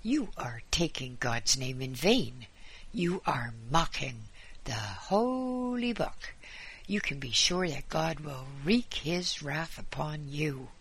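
A man reads out a pompous priest from a storybook, indignant and preaching, his voice bright and forceful with a breathy edge. He talks slowly and heavily, as if laying down the law. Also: on the high side, animated, heavily acted. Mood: angry. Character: angry pompous male priest.

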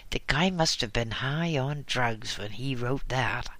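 A man's voice: mid-range voice, a little slow, no echo, close to an everyday voice. Man doing a blustering exasperated truck driver. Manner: loud, exasperated, fumbling for words.

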